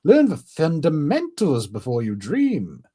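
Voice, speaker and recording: Brief: a strict young captain, voiced by a man, raised pitch, clipped scolding. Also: wildly swooping pitch, measured pace, mellow, breathy edge, exaggerated voice. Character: stern young male captain scolding recruits.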